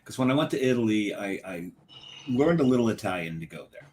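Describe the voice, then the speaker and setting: A man's voice: lowish voice, expressive, brisk, darkish tone, a little hiss or hum. A man hosting a casual talk show, telling rambling stories and laughing often. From United States. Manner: chatty, rambling storyteller who laughs often. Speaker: host. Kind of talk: casual chat.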